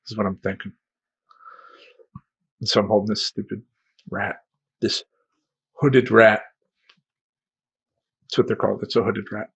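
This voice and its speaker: A man, a life coach, telling a comedic personal story in an animated, self-mocking and rambling way, on a dull lo-fi recording. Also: on the low side, unhurried, gravelly, pauses often, husky. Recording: dull lo-fi sound.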